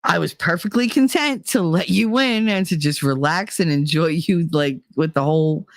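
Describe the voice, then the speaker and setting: A woman's voice: sits low, normal speed, hardly any pauses, no room sound, studio quality. A woman hosting a casual chat show, telling stories in a blunt, profane way and laughing often. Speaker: podcast host.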